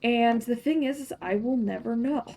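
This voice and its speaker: A young woman streams a farming game, chatting casually in a put-on Scottish accent, giggling and now and then muttering to herself. Her voice is on the high side, at a moderate pace.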